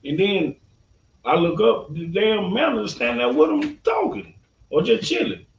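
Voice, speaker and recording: Gravelly-voiced man co-hosting a podcast. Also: high voice, very animated, moderate pace. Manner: storytelling, easygoing, lots of fillers. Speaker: podcast co-host. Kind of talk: casual opinion chat. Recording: echoey room, mic at a distance, dull sound.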